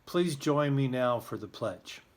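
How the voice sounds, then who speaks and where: A man hosting a school's morning announcements, with a voice of ordinary middle pitch. He talks casually and cheerfully to the children, cracking self-deprecating jokes along the way. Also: lively intonation, a little slow. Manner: chatty, joking, self-deprecating. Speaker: school morning show host.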